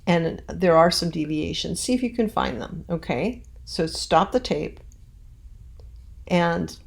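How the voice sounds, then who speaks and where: A woman teaching a recorded lesson in a relaxed, chatty way, with plenty of fillers and asides. Her voice sits fairly low and has a gravelly edge. She reads verse lines aloud and leans hard on the stressed beats. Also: slow pace. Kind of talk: recorded classroom lesson on poetic meter.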